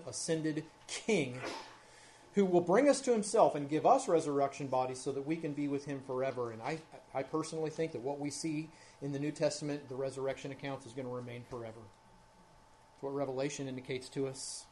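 Guy preaching a sermon, earnest, middle pitch, a bit of hiss behind. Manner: earnest preaching that swells loud on scripture. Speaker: pastor.

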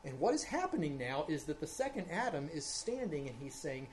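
A man's voice: a little high, very animated, a little fast. Earnest male pastor preaching. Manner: earnest preaching that swells loud on scripture. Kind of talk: sermon.

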